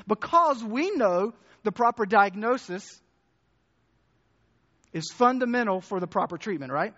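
A pastor with a fairly high, slightly bright voice delivers a sermon at a moderate pace, speaking loosely and conversationally, repeating himself and posing questions to the congregation. The audio sounds muffled, with the long reverberation of a church hall.

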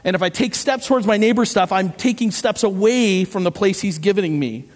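A man's voice: high-pitched, a little fast. A middle-aged man preaching a sermon, telling stories and acting out voices with self-deprecating jokes. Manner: animated storytelling, acting out voices, self-joking. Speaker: pastor. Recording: long hall reverb.

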